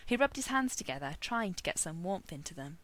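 Expressive woman reading a story. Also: lowish voice, a little fast. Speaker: narrator.

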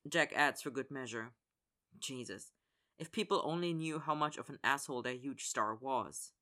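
Bright-voiced fan fiction reader. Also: mid-range voice, normal speed. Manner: acts out characters' lines in dialogue. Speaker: narrator. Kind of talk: fan fiction audiobook reading.

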